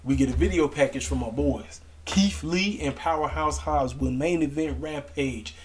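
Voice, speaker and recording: A man giving casual, emphatic wrestling commentary to camera, talking in a slangy, animated way. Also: on the high side, moderate pace. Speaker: wrestling review vlogger.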